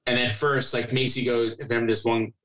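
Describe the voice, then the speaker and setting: A company co-founder appears as a podcast guest, chatting casually and telling rambling stories packed with fillers and acted-out dialogue. His mid-range voice is fast and a bit bright, with little pitch movement. The recording quality is low.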